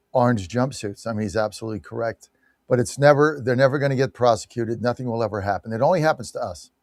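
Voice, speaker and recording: A man's voice: on the low side, dry recording, clean studio sound. A man hosting a live call-in radio show, reacting to callers and then riffing on the news. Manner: animated, quick to react, breaks into laughter. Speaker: radio talk show host.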